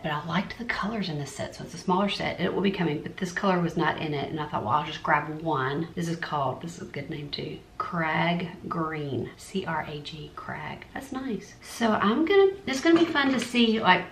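A woman, an art YouTuber, chatting casually through a supply haul and muttering asides to herself. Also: low-pitched. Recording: echoey room, faint noise.

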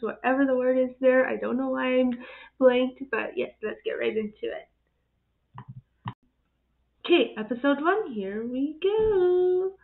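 Giggly high-voiced woman, tinny phone-like sound. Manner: giggly, gushing exclamations. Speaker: channel host reacting to videos. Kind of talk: casual reaction commentary.

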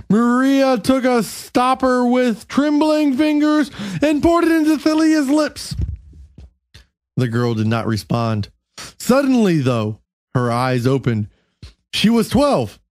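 A host slowly reading a bedtime story aloud in a comic way, stumbling over words and making sarcastic asides. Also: medium pitch, darkish tone, no echo, studio quality.

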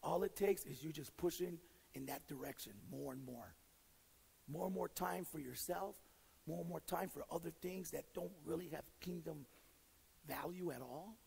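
At a moderate pace in a large hall, a man with a slightly high, slightly mellow, raspy and gravelly voice delivers a sermon over poor audio. The pastor is direct and joking, makes fun of himself, mixes storytelling with teaching, and often repeats and restarts words.

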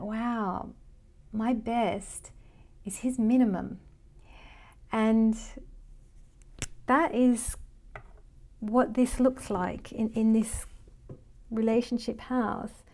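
A woman's voice: on the high side, steady tone, slow pace, pauses often, warm tone. A woman, a Vedic astrology life coach, giving an informal lesson and thinking aloud as she talks through her notes.

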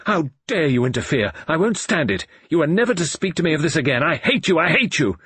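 A man reading an audiobook voices a proud, secretive young woman in a shrill, raging outburst. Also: big pitch swings, brisk, a bit bright, breathy edge, no echo, heavily acted. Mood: furious.

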